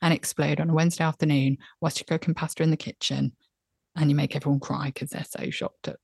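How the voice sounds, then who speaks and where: A woman in her thirties, a podcast guest giving candid, reflective advice, animated when she recounts her own moments. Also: low voice, quick pace, gravelly, husky, no echo, studio quality.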